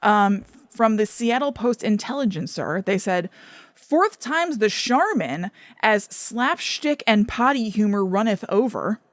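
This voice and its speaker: Podcast co-host, mid-pitch, dry close mic, relaxed and wry, lots of agreeing. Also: a little slow, no room sound. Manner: laid-back, agreeable, dry. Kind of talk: casual movie review chat.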